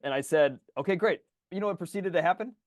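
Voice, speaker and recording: A man co-hosting a podcast, telling stories in casual chat, swearing freely and loudly acting out his own thoughts. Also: high voice, quick pace, dry recording, clean studio sound. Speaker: podcast co-host.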